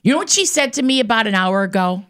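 A woman co-host teases and jokes on the radio. Her voice is bright and crisp, pitched a bit high. Her pitch bounces lively up and down. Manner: playful, teasing, quick to laugh. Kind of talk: casual radio chat.

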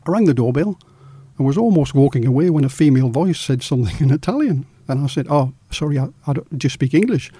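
A middle-aged male journalist from Australia telling a story in an interview, lively and acting out the quoted dialogue. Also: fairly high pitch, fast, slightly rough, no room sound.

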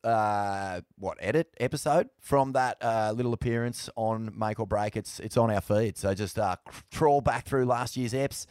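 A man's voice: fairly low pitch, normal speed, hardly any pauses, darkish tone, dry recording, clean studio sound. Laid-back sweary Australian man. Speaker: podcast co-host. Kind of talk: casual chat.

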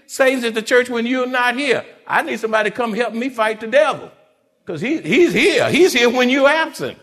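Lively high-voiced male preacher. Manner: animated preaching with repetitions and acted-out voices. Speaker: pastor. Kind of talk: sermon.

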